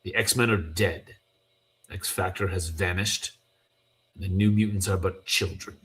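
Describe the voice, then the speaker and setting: A man's voice: sits low, fairly even intonation, measured pace, a bit bright, slight background noise. A man reading aloud as a solemn, commanding mutant leader, declaiming his lines. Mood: grave. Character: grave commanding male mutant leader, older.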